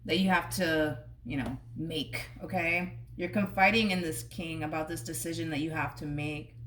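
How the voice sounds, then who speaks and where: A woman's voice: low voice, steady tone, moderate pace, distant mic, slight background noise. A woman giving a casual tarot reading, talking chattily and repeating phrases for emphasis. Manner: chatty, repeats phrases, drops into hushed quotes. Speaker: tarot reader. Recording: echoey room, voice a bit off-mic.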